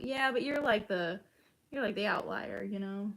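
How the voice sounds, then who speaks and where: A woman's voice: mid-range voice, moderate pace, a bit bright. A young woman from Chicago chatting casually with her stream's chat, full of "like" and casual swearing. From Chicago, United States.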